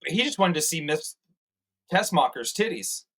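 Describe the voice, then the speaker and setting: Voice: medium pitch, sing-song, normal speed, fairly bright tone. A co-host of a movie review show, throwing in sarcastic, profane jokes in casual banter. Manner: sarcastic, profane, mocking asides.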